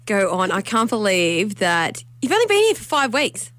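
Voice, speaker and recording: A woman's voice: medium pitch, very animated, normal speed, a bit bright, dry recording. A woman co-hosting a breakfast radio show, playing up a dramatic, sulky mood in a radio studio. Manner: dramatic, mock-sulky, theatrical. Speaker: radio co-host. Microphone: studio microphone.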